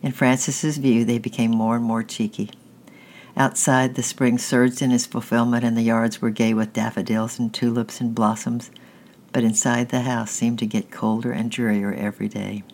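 A man narrates a children's chapter book as an audiobook reader, at an even, middling pitch and moderate pace. His storybook delivery is plain and steady, with an occasional restart.

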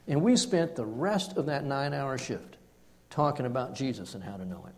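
In a sermon, a man preaching at normal speed with a fairly high voice relates a personal story. Animated delivery alternates with hushed drops for emphasis.

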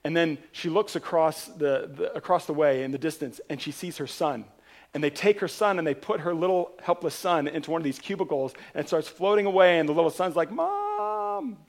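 Man, pastor, sermon, animated storytelling, fairly high-pitched voice, emphatic repeats. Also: brisk.

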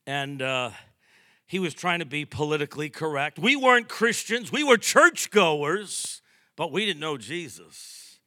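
A man's voice: a little high, big pitch swings, measured pace, sharp tone, no room sound, studio quality. A man in his sixties from Massachusetts, a pastor preaching a sermon with emphatic rising bursts and joking asides.

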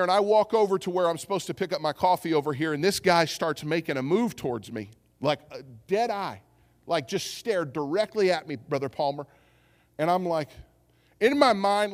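A man's voice: high voice, a little fast. Male pastor preaching in a reverberant church. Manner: storytelling, animated, acts out quotes. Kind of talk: sermon. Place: church sanctuary. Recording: church hall with long reverb.

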